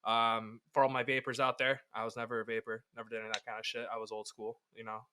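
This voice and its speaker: A twenty-something man co-hosts a casual sports podcast, rambling, cursing and frequently cutting himself off mid-sentence. His voice is medium in pitch, level in tone and fast, with background noise in the clip.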